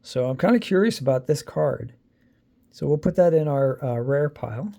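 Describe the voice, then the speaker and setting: Man, gravelly and dark-toned, easygoing unboxing host who thinks aloud with plenty of ums. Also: on the high side, animated, normal speed. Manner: chatty, thinking aloud with many fillers. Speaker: card-opening channel host. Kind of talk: casual unboxing commentary.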